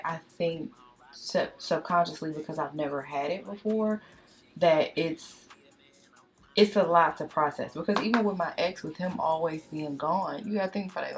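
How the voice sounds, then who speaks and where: Young woman gossiping thru a makeup vlog, lowish voice, talks to y'all. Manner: chatty, confiding, addresses viewers as y'all. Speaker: beauty vlogger. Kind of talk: casual chat while doing makeup.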